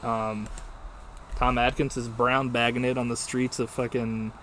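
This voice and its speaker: A young man in casual podcast talk, swearing freely and acting out movie lines as he retells them. His voice sits at an ordinary pitch. A faint hiss runs under the recording. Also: a little slow. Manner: profane, animated retelling of scenes. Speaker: podcast co-host.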